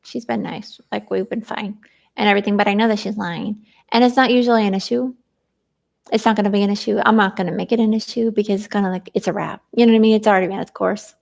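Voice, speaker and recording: A woman's voice: medium pitch, fairly even intonation, fast talker, vocal fry, a little mellow. A woman vlogging in a rambling, hesitant way, full of fillers, venting about family troubles. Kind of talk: rambling personal vlog.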